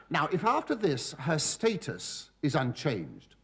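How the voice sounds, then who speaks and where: A cheeky Roman slave, swooping up and down as he confides in the audience. His asides are camp and full of innuendo. The recording carries loud background noise and studio laughter. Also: fairly high pitch, wildly swooping pitch, slow pace, full character voice. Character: cheeky middle-aged male slave narrator, knowing asides. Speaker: narrator of the prologue. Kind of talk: sitcom stand-up address.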